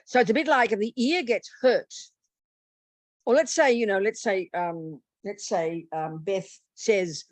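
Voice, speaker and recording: A woman's voice: medium pitch, a little slow, dry recording. A woman, a Buddhist nun, teaching a meditation retreat in a blunt, plain-spoken and humorous way.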